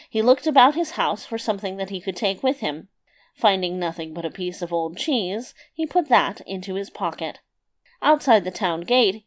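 A woman narrating a fairy tale in a measured, expressive read-aloud manner. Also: medium pitch.

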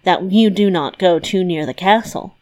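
A woman's voice: fairly low pitch, moderate pace, mellow, dry recording, close to an everyday voice. A woman reading a worried young man. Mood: anxious. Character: anxious young man in love.

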